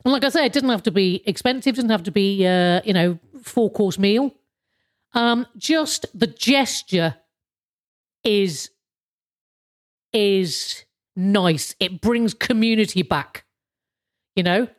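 A woman's voice: mid-range voice, slow, pauses often. A British woman hosting a podcast in a casual monologue, rambling with frequent chuckles and casual swearing. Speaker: podcast host.

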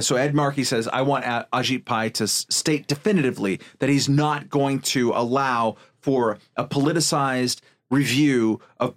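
A man co-hosting a political podcast, talking casually in an animated, profane way, rambling with fillers. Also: medium pitch. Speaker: podcast co-host.

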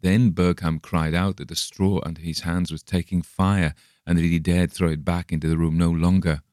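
Male narrator, very low voice with gravelly fry, dry close recording, measured storytelling. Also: little pitch movement, darkish tone, no room sound. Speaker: audiobook narrator. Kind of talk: scripted narration of a classic story.

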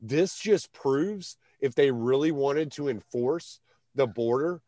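A middle-aged man hosting a podcast, relaxed and conversational, swearing casually. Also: medium pitch, slow, no echo. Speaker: podcast host.

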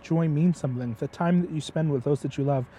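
A man's voice: a little high, fairly quick, mellow, slight background noise. A man chatting as his father's guest, retelling a story with passion and often stumbling over repeated words. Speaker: guest, host's son. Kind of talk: casual storytelling chat.

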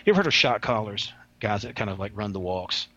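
Rambling male interview guest, husky tone, dull lo-fi recording. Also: lowish voice, lively intonation, fast, bright, forceful tone, no echo. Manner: rambling, repeats words. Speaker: interview guest, former prison officer. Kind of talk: casual interview storytelling. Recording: dull lo-fi sound.

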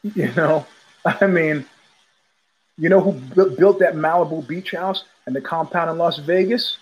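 A man's voice: a little high, slightly rough, rough recording. A man from New York hosting a podcast in a rambling, digressive monologue full of tangents and restarts. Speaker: podcast host. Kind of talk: casual monologue.

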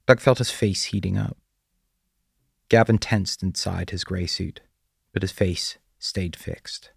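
A man narrating a story in a measured, quiet way. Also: deep voice, creaky, husky, no echo, studio quality. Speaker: audiobook narrator. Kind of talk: scripted narration.

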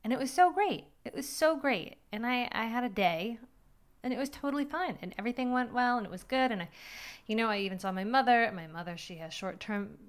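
A woman's voice: medium pitch, clear, resonant tone. A middle-aged woman hosting a podcast, talking candidly and at length about her day, rambling a little and laughing at herself. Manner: candid, rambling, self-deprecating with small laughs. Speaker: podcast host. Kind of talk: personal reflective monologue.

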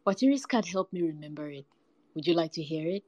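A woman's voice: sits low, expressive, fast talker, no room sound, lo-fi sound. A woman voicing a kindly old grandmother who tells stories to children. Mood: inviting. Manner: gentle, kindly. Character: old grandmother storyteller, warm and chuckling.

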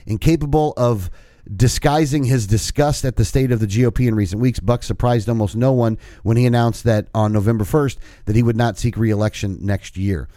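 A man's voice: medium pitch, fairly even intonation, brisk, dark tone, dry recording, clean studio sound. A man co-hosting a casual podcast, rambling with many restarts and reading news items aloud. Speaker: podcast co-host. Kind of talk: casual chat.

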